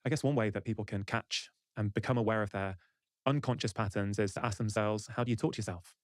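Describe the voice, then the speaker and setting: A male podcast host who speaks at a quick, steady pace. He sums up points clearly and guides the conversation. His voice is recorded close, with a dry, echo-free sound. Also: fairly low pitch. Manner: measured, summarizing, plugs his channel. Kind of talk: interview conversation.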